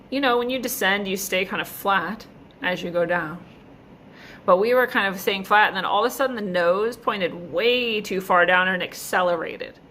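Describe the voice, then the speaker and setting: A woman's voice: on the low side, fairly bright tone, slight background noise. A woman hosting her own show, telling a story in a chatty way, with many fillers and frequent laughs. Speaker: host of a spiritual podcast. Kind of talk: casual storytelling monologue.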